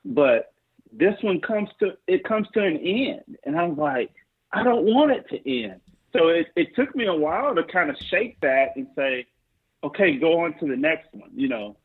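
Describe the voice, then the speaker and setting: A husky man in his forties, his voice sitting a little high, tells his story in eager, halting bursts full of restarts. He comes through a thin, tinny phone line. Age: 40s. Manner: excited, stammering restarts, voice climbing high when emotional. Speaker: guest. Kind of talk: casual storytelling.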